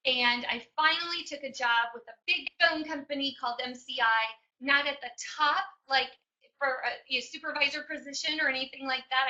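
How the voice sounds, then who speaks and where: A woman from Chicago telling an audience her personal story, in an emotional, animated way. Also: high voice. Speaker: business presenter. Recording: dull lo-fi recording.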